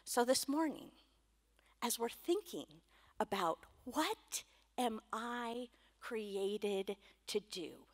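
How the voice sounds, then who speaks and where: Animated woman pastor preaching. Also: on the high side, big-room sound. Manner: animated, playful storytelling with quick asides. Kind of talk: sermon. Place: church sanctuary.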